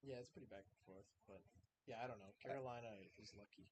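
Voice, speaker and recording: A man's voice: mid-range voice, fast talker, slight background noise. A man co-hosting a casual live stream, making wry jokes and laughing. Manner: joking, laughing, wry asides. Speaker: podcast co-host.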